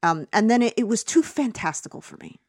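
This American woman's medium-pitched voice swings widely in pitch as she talks fairly quickly, ranting casually about a film on a podcast with lots of fillers and restarts. The sound is clean studio audio with no room sound.

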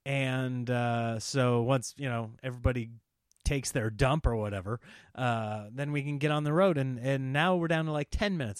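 A middle-aged man telling a comic family story as a podcast host, lively and jumping into high voices for the people he quotes. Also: no echo, studio quality. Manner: animated, acts out quotes in raised voices.

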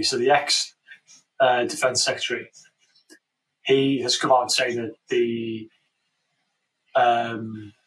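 Bloke, blunt and sweary, mid pitch, sounds a bit back from the mic. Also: male voice, fairly bright tone, far from the mic, low-quality recording. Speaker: podcast co-host. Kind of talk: casual current-affairs discussion.

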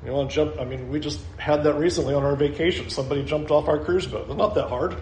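A man's voice: fairly high pitch, fast, darkish tone, reverberant, a little hiss or hum, low-quality recording. A man preaching a sermon as pastor, emphatic, repeating phrases and asking the listeners questions.

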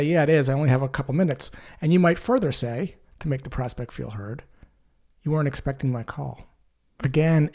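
A man teaching sales calls in a calm, measured way, acting out short sample lines. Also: medium pitch. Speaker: sales trainer. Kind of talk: instructional voice-over.

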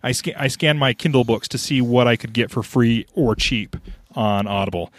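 A man with a mid-range voice hosts a podcast at a normal speed, chatting casually and often restarting his sentences. The recording is studio quality with no room sound.

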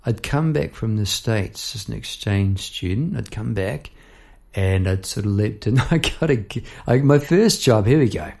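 A young man telling a story in a casual, animated way, acting out the people in it. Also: measured pace, gravelly. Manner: animated, chirps bird noises and acts out people in high voices.

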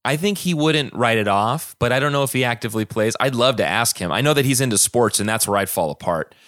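A man's voice: mid-range voice, expressive, fast, a bit bright, no room sound, studio quality. A man co-hosting a podcast in casual chat, rambling and easygoing. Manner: rambling, restarts and hedging, easygoing. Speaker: podcast co-host.

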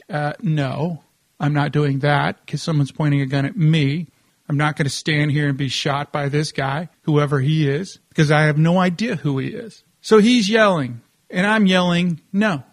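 Man telling a tense personal story. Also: fairly high pitch. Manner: casual, conversational, animated retelling with quoted dialogue.

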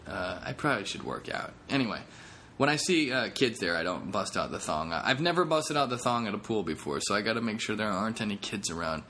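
A man's voice: on the low side, expressive, brisk, hardly any pauses, pushed and bright, a little hiss or hum. A comedian hosting his own podcast, talking in a rambling, jokey, self-deprecating way. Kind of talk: casual podcast monologue.

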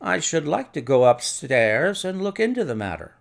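A man's voice: a little high, big pitch swings, normal speed, pitched above the performer's own voice. A man doing the great detective, clipped and authoritative. His voice lifts and swoops animatedly, with a slight grit. Audiobook character reading. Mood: measured. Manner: crisp, urgent, authoritative. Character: Sherlock Holmes, brisk, clipped male detective.

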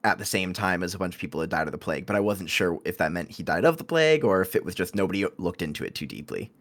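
A man's voice: low voice, animated, quick pace, fairly bright tone. A man co-hosting a book club podcast, offering a tentative point in casual conversation.

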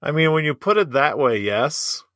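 A man's voice: a little high, big pitch swings, moderate pace, a bit bright, no echo, clean studio sound. A man co-hosting a podcast in loose, joking casual chat, laughing often and swearing freely. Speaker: podcast co-host.

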